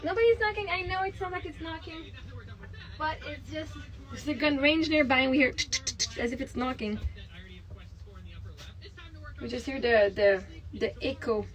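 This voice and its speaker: A woman with a high voice talks loosely to her camera at home. Her speech wanders, with fillers and restarts, like a mother sharing her day. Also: moderate pace, pauses often, rough recording. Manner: chatty, rambling, with many fillers. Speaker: mother and vlogger. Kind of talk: casual home vlog chat. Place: home kitchen.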